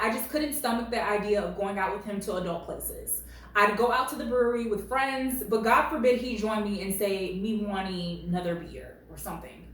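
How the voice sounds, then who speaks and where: A woman in her late twenties gives sassy, animated commentary on stories she reads. Her slightly high voice sits a little away from the mic in a strongly echoing room. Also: distant mic. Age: late 20s. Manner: animated, sassy, laughs a lot. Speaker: reddit story reader and commentator. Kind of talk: casual commentary vlog. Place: at home.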